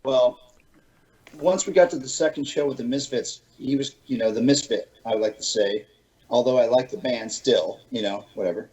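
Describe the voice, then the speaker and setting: A man's voice: mid-range voice, normal speed, a little mellow, poor audio. A man from Florida, a podcast guest telling loose stories in casual chat, swearing now and then.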